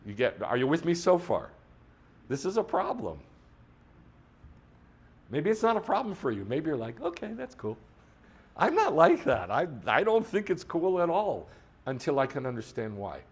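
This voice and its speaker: Lively man preaching a conversational sermon. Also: fairly high pitch, moderate pace, vocal fry, pauses often. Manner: lively, conversational, asks the room questions; switches into Hebrew prayer lines. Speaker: congregation teacher.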